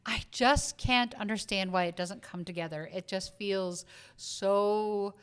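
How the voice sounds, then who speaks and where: A woman's voice: medium pitch, measured pace, smooth. A woman with a subtle Southern US accent, co-hosting a casual film review podcast and thinking aloud with many fillers and restarts. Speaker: podcast co-host.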